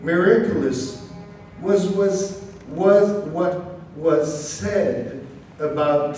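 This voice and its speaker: A man giving a slow, measured poetry reading with long pauses, in a large church. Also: on the high side, darkish tone, slight background noise. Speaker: poet reading at an event. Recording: very echoey church hall, mic far off.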